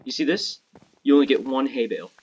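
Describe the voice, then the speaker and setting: A man's voice: medium pitch, fast talker, muffled recording, a little hiss or hum. A man chatting casually with a friend while gaming, telling crude joking stories. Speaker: gamer playing with a friend.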